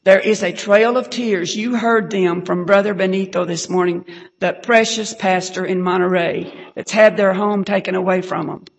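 A woman preaches a fervent, emotional testimony, often breaking into hallelujah and sinking to a hush for the saddest parts. Her voice has a gravelly, creaky edge. It rings out with a long reverb through a church hall. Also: medium pitch, steady tone, normal speed. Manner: fervent, repeats hallelujah, drops to a hush at times.

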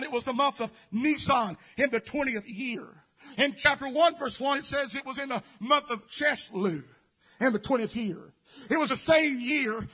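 High, bright-voiced preacher shouting. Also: male voice, slightly rough. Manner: shouting preaching, peppered with amens. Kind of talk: impassioned sermon.

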